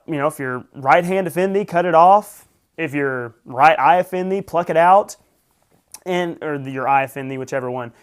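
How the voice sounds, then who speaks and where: A chatty man hosting a morning live stream, his voice sitting a little higher than most men's. He greets viewers one by one and drops wry asides between answering questions. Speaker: host. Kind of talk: casual live-stream chat.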